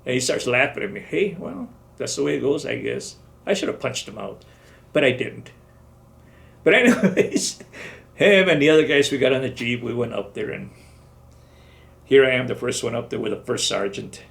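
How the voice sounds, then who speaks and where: Gravelly old guy in his 70s rambling through his army stories, slips into voicing other people, pretty ordinary pitch. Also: expressive, normal speed. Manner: rambling storytelling, acts out dialogue. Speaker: veteran interviewee. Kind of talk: oral history interview.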